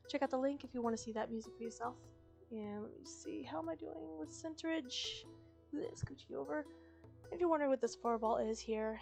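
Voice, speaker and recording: A woman streamer talks to her viewers in a chatty, rambling, upbeat way. Her slightly higher voice has a gravelly, croaky edge. Soft fantasy music plays faintly behind her. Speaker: streamer reading a book aloud. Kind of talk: casual stream chat. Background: fantasy music playing faintly.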